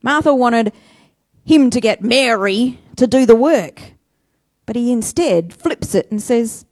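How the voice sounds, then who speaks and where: Brief: female preacher, chatty and self-deprecating, somewhat high voice, dry recording. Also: expressive, unhurried, a little mellow, dry recording. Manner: conversational, self-deprecating, rhetorical questions. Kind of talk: sermon.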